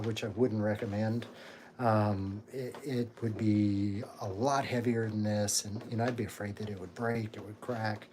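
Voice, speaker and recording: A man hosts a casual live Q&A and rambles in a friendly, unpolished way, full of ums and uhs. He is pulling off pieces of costume armor as he talks. Steady hiss and clicking run under the recording. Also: on the low side. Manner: chatty and rambling, with many fillers. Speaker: cosplay channel host.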